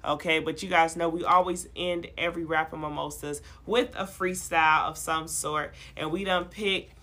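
Bright-voiced woman hosting a podcast. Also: sits low, moderate pace. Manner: lively, slangy, laughs often. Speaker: podcast host. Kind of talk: casual podcast chat with freestyle rapping.

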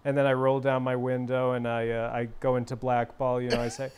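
A man's voice: mid-range voice, completely flat delivery, a little fast, few pauses, a little mellow. A young man co-hosting a podcast, telling a rambling story in casual chat with lots of "uh" and "you know". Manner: rambling storyteller, many fillers and restarts. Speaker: podcast co-host.

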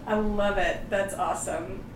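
A woman's voice: mid-range voice, steady tone, unhurried, a little hiss or hum. A woman co-hosting a podcast, thanking the guest with enthusiasm. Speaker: podcast co-host. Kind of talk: casual chat. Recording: echoey room, distant from the mic.

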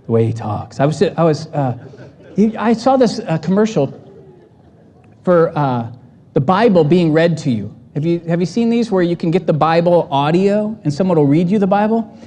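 A pastor giving a conversational, playful sermon. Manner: conversational and playful, animated pitch swings.

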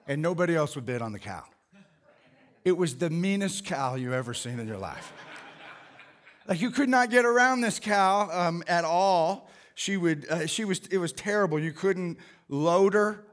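A middle-aged pastor preaching a sermon, telling a farm story in a folksy way with lots of fillers before reading scripture. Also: male voice, high-pitched, animated, moderate pace.

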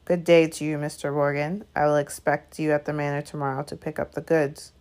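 Woman reading as a haughty nobleman in a storybook; icy, clipped, contemptuous, low and gravelly. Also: level tone, fairly quick, a little mellow. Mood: cold. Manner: cold, clipped, disdainful. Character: cold, haughty aristocratic wizard father.

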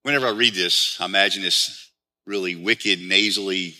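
Bright-voiced man preaching a sermon. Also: deep voice, normal speed. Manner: explains scripture with frequent rhetorical questions. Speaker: pastor.

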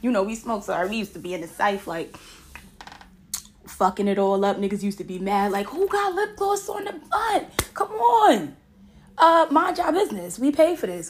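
Laughing frequently, this woman in her late twenties hosts a podcast and spins a story with animated, foul-mouthed casualness. She speaks at a medium pitch.

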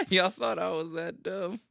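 A man's voice: high-pitched, creaky, fairly bright tone, no echo. Laid-back young man, dry close sound. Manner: laid-back storytelling, profane, laughs often. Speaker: podcast co-host. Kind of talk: casual chat.

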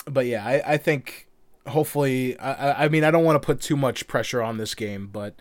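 A man co-hosting a podcast in loose, rambling chat, laughing often and dropping casual swears. His voice is smooth and resonant. The sound is dry and close. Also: medium pitch, brisk, no room sound. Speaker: podcast co-host.

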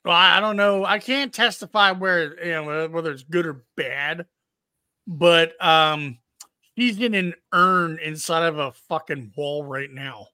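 A man's voice: on the high side, a little slow, bright, forceful tone, smooth, dry recording, clean studio sound. A man co-hosting a podcast, telling a profane story boisterously and acting out what people said. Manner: profane, boisterous, acts out quotes. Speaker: podcast co-host. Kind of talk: crude comedic storytelling.

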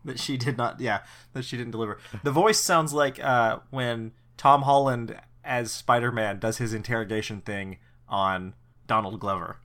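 A man with a bright, forward voice trades casual banter as a podcast co-host. He is wry and sardonic, and he swears freely as he picks apart a show's plot. He speaks at a middle pitch with an easy, offhand manner. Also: fairly even intonation, moderate pace. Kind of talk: casual episode recap chat.

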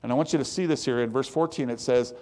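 A man's voice: medium pitch, fast talker, warm tone. Folksy man preaching a devotional. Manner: folksy, plain-spoken, with self-mocking asides. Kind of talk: conversational devotional sermon.

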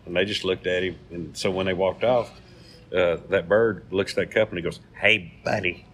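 A man's voice: deep voice, fairly even intonation, a little fast, slight background noise. A man, co-hosting a casual chat and telling jokes in a folksy way. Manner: folksy storyteller. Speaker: co-host.

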